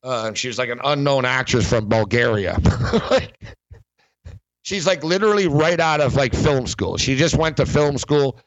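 A man's voice: mid-range voice, lively intonation, moderate pace, dry recording. Rambling man on a lo-fi podcast. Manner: rambling, filler-heavy, laughs often. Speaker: sports betting podcast host. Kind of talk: casual chat.

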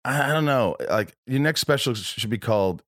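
A man's voice: medium pitch, animated, fairly quick, fairly bright tone, dry recording. Man, 40s, podcast host, rambling, stammering restarts, swears, dry close sound. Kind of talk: casual podcast chat.

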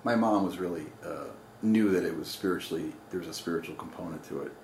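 A man telling a personal story in a reflective, casual conversation, speaking haltingly, often repeating words. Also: low voice, vocal fry, a little mellow, a little hiss or hum. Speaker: podcast guest. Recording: roomy echo.

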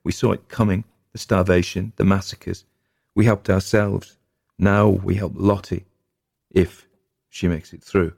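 Robert Webb, a worn-out gruff husband, as a male reader puts him on. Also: sits low, little pitch movement, measured pace, a little mellow, dry recording, studio quality, heavily acted. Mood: weary. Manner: blunt, exasperated, swearing. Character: weary middle-aged farmhouse husband, gruff.

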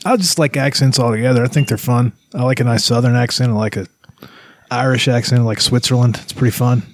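A man's voice: medium pitch, steady tone, fast, no room sound. A man co-hosting a podcast in casual, profane, rambling chat. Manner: laid-back, profane, rambling. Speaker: podcast co-host.

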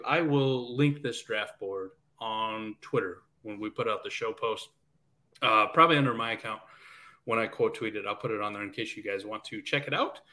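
A man's voice: medium pitch, bright, forceful tone. A man co-hosting a casual podcast, laughing often as he runs through lists. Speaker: podcast co-host.

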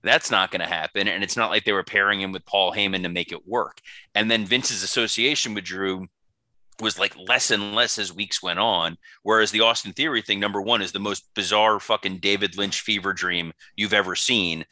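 Podcast cohost guy, lowish voice but super sharp and bright, bone dry sound, argues fast. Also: fairly even intonation, no echo. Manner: fast, confident, analytical. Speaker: podcast co-host. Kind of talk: podcast analysis.

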